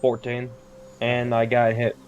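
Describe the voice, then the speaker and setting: A man's voice: mid-range voice, completely flat delivery, unhurried, clear, resonant tone, lo-fi sound. A man playing a tabletop game, chatting casually and thinking aloud with hesitant restarts. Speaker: player.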